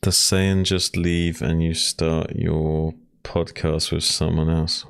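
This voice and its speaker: A man's voice: very deep voice, flat delivery, slow, creaky, few pauses, clean tone, dry recording, clean studio sound. A man who casts games, chatting casually in a rambling, teasing way. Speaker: game caster. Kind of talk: casual chat.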